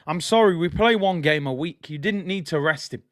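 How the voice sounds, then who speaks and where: A young man hosting a live football watch-along, reacting emotionally and often breaking into frustrated shouting. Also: on the high side, moderate pace, dry recording, studio quality. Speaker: fan stream host.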